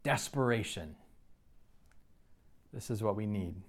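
A man's voice: on the low side, lively intonation, slow. A man preaching a sermon, telling personal stories in an earnest way with frequent restarts. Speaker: pastor.

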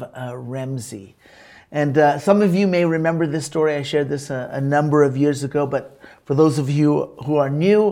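Male preacher, fairly high voice, slow earnest storytelling sermon with pauses. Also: darkish tone. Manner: unhurried, earnest, pauses with fillers and restarts; engages remote listeners to repeat words.

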